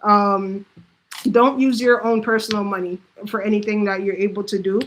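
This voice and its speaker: A woman's voice: mid-range voice, fairly even intonation, normal speed, slight background noise, poor audio. A woman talking straight to camera about running a business, blunt and heavily profane, often acting out what other people said. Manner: acts out quoted voices. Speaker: vlogger giving business advice. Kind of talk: casual unscripted monologue.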